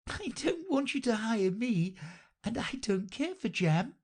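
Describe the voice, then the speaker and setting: A curious young girl from a storybook, polite and a little timid, asking earnest questions, as a woman puts her on. Her raised voice moves lively up and down, with a touch of husk. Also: a little high, measured pace, husky, voice pushed up, full character voice.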